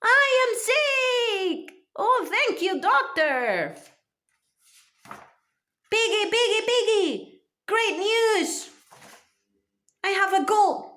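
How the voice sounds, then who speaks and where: A woman voicing an anxious male elephant in a children's storybook, speaking slowly and dramatically. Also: very high voice, lively intonation, bright, forceful tone, pitched above the performer's own voice, exaggerated voice. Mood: overjoyed.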